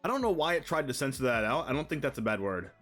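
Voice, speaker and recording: A man chatting casually on a live stream, thinking aloud in quick rambling asides while building a card deck. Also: mid-range voice, big pitch swings, fairly bright tone, faint music behind.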